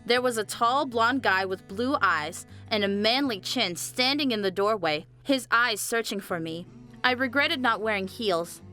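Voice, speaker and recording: A young woman narrating a scripted animated story, chatty and speaking straight to viewers. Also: a little high, unhurried. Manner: chatty, addresses viewers directly. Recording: faint music behind the voice.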